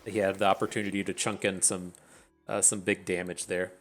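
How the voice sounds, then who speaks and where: A man's voice: low voice, little pitch movement, brisk, faint music behind. A man giving casual, rambling commentary on his own card game match, often restarting sentences and mocking his own misplays. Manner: rambling, self-deprecating, stammers and restarts. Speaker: gaming streamer.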